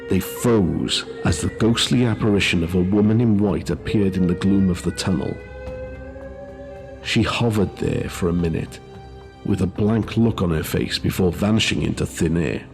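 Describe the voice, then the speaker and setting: A man narrating a scripted ghost story in a measured way, with dry asides. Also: sits low, vocal fry, music in the background. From Wales. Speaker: host and narrator.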